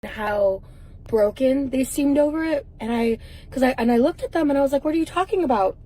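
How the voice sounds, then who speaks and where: A woman's voice: sits high, fairly quick, dark tone, poor audio. A woman telling a personal story in a vlog, rambling, with many restarts. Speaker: vlogger in a clip.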